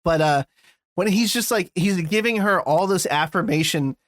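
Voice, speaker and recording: Talkative man with a higher voice. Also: normal speed, no room sound, clean studio sound. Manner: rambling, animated, swears casually. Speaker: podcast co-host. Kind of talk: casual chat.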